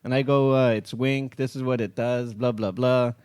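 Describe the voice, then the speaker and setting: A man's voice: mid-range voice, normal speed, clear, resonant tone. A man, an app founder, telling stories in a casual podcast chat and acting out quoted dialogue. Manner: animated, acts out quoted dialogue.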